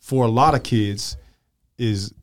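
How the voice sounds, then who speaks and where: Middle-aged male host, playful, teasing, mid-pitched, casual delivery. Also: slow pace. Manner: joking, teasing, laughing. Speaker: podcast host. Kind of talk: casual chat.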